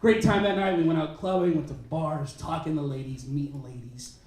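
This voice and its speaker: A male stand-up comedian telling a story on a comedy club stage, with an animated, punchy delivery and quick asides. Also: a little high. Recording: roomy club sound, mic at a distance.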